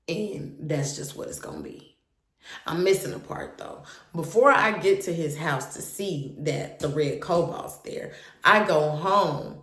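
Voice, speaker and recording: A woman's voice: low voice, big pitch swings, a little slow, a bit bright. A young woman animatedly telling her own story to viewers, candid and swearing freely. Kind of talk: casual storytime monologue. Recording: roomy echo.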